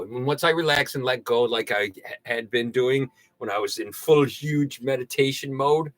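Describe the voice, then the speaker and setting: A man hosting a casual art livestream, rambling and goofy, poking fun at himself and jumping into high excited yelps and laughter. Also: moderate pace, hardly any pauses. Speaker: livestream host.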